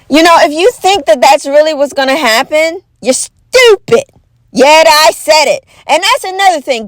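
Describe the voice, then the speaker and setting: A woman vlogger with a high-sitting voice delivers an exaggerated, animated rant to camera for laughs, folksy and emphatic. She uses repeated catchphrases and fast mock voices, and the recording is dry.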